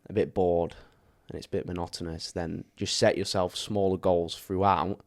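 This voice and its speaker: Low-voiced man talking fitness coaching. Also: level tone, moderate pace. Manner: explains coaching advice at length, with filler words. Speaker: fitness coach and podcast co-host. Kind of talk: casual podcast chat.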